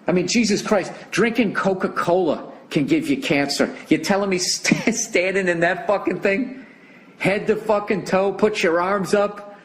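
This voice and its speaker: A man's voice: on the high side, slight background noise. A man from the United States telling a profane, sarcastic story in a heated rant on his podcast. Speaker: comedian podcaster. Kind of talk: ranting podcast monologue.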